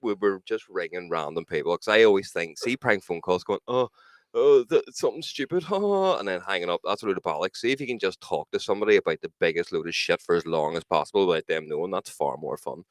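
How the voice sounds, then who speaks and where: Low-voiced man, laughing. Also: fast, few pauses, no echo, studio quality. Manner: swears freely, laughs a lot, tells prank stories. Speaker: co-host and music producer. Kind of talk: casual chat.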